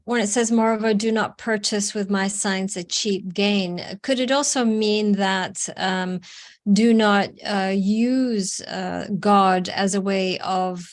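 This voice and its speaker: A woman's voice: mid-range voice, steady tone, slow. A woman reading scripture aloud in a study session and asking questions, careful and slightly hesitant. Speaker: reader and student.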